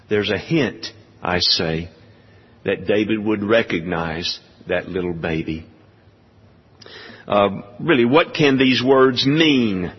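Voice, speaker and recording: A man preaching a sermon, speaking in a measured way with many pauses. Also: mid-range voice, husky, in a large hall, muffled recording. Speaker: pastor.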